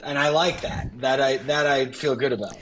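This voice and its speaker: A man's voice: mid-range voice, fairly even intonation, normal speed, fairly bright tone, a little hiss or hum, rough recording. A man guesting on a podcast, making dry sarcastic quips in casual banter.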